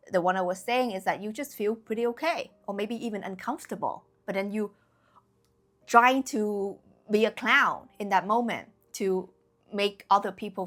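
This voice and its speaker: A woman with a medium-pitched, fairly bright voice speaks to camera as a spiritual coach giving a motivational talk. She is earnest and direct and often checks in with her listeners.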